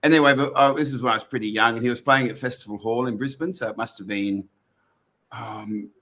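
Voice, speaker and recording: A man's voice: mid-range voice, fairly even intonation, a little fast, bright, forceful tone. A middle-aged man with an Australian accent, co-hosting a casual chat and telling long stories with many restarts. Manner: rambling storyteller with many restarts. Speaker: podcast co-host.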